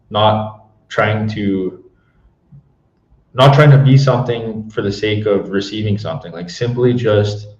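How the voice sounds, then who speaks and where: A young adult man with a Canadian accent, a podcast guest talking in a reflective, unhurried way and slowing down to pick his words. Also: fairly low pitch, a little mellow, roomy sound, lo-fi sound. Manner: reflective, slows down to choose words. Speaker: guest author and coach. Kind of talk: casual podcast conversation.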